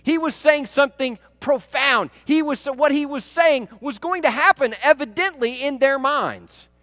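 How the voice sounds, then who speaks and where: A man's voice: very high-pitched, unhurried, bright, forceful tone, no echo, clean studio sound. A man preaching a sermon in a conversational way, often asking the congregation "right?" and laughing at his own stories. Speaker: pastor.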